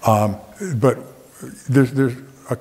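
A man's voice: medium pitch, slow. A man telling a humorous personal story on a theater stage, acting out the voices of the people in it. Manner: animated, acts out other people's voices. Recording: long theater reverb.

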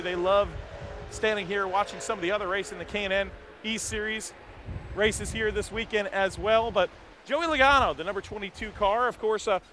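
A man hosting a live walk-around in an outdoor race garage, talking into a handheld mic in an energetic, rambling way. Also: sits high, background noise. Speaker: garage reporter host. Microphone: handheld microphone.

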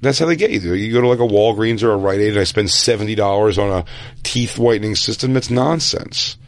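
A man's voice: on the low side, a little fast, dry recording. A man co-hosting a comedy podcast, chatting casually in a rambling, self-deprecating way. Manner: rambling, self-deprecating, acts out little scenes. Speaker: podcast co-host.

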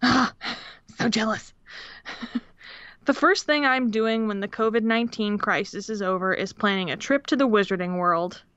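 A woman's voice: mid-range voice, brisk, hardly any pauses, fairly bright tone, smooth, no echo. A woman co-hosting a podcast in casual chat, laughing often and swearing casually as she reads a listener's story. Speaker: podcast co-host. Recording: dull, slightly lo-fi audio.

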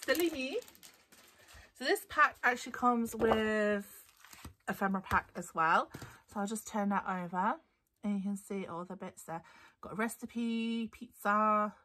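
A woman's voice: medium pitch, unhurried, sharp tone, a little hiss or hum. A woman chatting casually through a craft haul, bubbly and giggly, her voice a little tired. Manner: bubbly and giggly, gushing over papers. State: voice getting tired. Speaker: craft vlogger.

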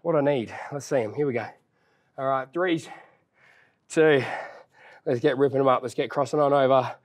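A man's voice: mid-range voice, normal speed. A young man leading a follow-along workout, encouraging and counting down reps while he exercises and gets out of breath. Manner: upbeat encouraging, counts reps down, casual banter. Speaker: fitness trainer.

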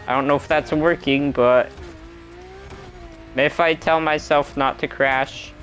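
Gameplay commentary, host, unhurried speech, average pitch, excitable, exclaims at crashes, self-talk. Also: faint music behind. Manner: talks to self and to the game. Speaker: gaming channel host.

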